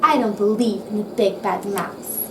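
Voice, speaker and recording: A woman voicing a small, brave young girl monster with a bright, curious voice. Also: mid-range voice, moderate pace, natural voice. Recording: roomy, distant mic with background noise.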